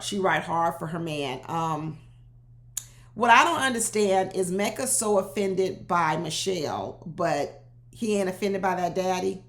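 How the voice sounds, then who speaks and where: Woman w/ AAVE dishing on a reality show, laughing, talks right at the cast, roomy echo. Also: fairly low pitch. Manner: animated, laughing, talks straight to cast members. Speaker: reality show recap host. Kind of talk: casual commentary.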